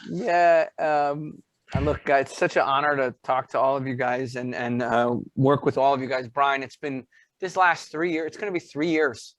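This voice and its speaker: A man's voice: medium pitch, steady tone, normal speed, no echo. A man co-hosting a podcast, bantering and teasing in casual chat. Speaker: podcast co-host.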